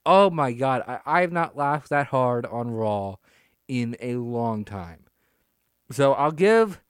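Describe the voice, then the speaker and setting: A man co-hosting a casual wrestling podcast, animated and laughing, drawing words out for emphasis. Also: mid-range voice, clean tone, no echo, studio quality. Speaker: podcast co-host.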